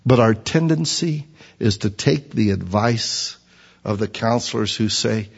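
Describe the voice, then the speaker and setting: A man preaching a sermon, animated and acting out the dialogue in character voices. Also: mid-range voice, slow pace, creaky, breathy edge. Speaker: pastor. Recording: dull sound in a reverberant hall.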